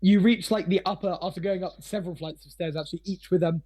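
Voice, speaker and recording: A man narrating a tabletop game as game master, rambling with lots of fillers, swearing and frequent laughter, his voice slightly hoarse. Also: high-pitched, steady tone, fast talker, mellow.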